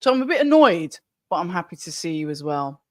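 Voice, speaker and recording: A woman hosting a live fight watch-along stream, chatty and excitable, talking straight to her viewers. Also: lowish voice, brisk, no echo. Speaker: livestream watch-along host.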